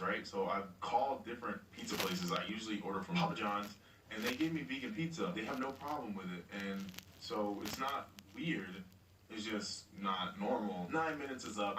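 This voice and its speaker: A young man telling a rambling, profane story in a casual vlog. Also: fairly low pitch. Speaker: vlogger. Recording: roomy echo, far from mic, noisy.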